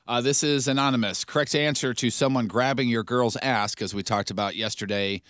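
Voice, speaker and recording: A man's voice: mid-range voice, fairly even intonation, brisk, fairly bright tone, dry recording. A man co-hosting a radio show, reading listener emails aloud with dry asides in casual banter.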